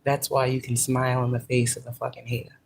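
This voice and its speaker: A woman's voice: rumbling low, completely flat delivery, quick pace. Lady preacher type giving a casual pep talk, swears a lot, emphatic, faint hiss behind. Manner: profane and emphatic, acting out quoted voices. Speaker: spiritual teacher; workplace manager.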